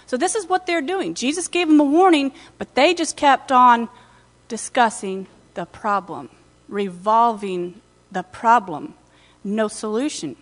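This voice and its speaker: A woman pastor giving a conversational sermon, retelling scripture with lively asides in a church. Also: fairly high pitch, unhurried, big-room sound.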